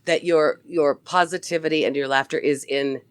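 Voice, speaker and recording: A middle-aged woman, a stand-up comedian, telling animated stories as a podcast guest, swearing freely and laughing often. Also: low-pitched, normal speed, smooth. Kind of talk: casual podcast chat.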